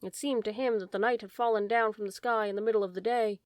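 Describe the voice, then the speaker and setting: A woman narrating a storybook in a calm, measured way. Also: medium pitch, no room sound. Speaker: audiobook narrator. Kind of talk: storybook reading.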